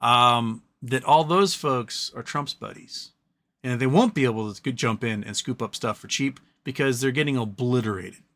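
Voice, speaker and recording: A man's voice: mid-range voice, moderate pace, a bit bright. A man hosting a live stream, chatting casually about stocks and reading viewer questions, with a rambling delivery full of ums and self-corrections.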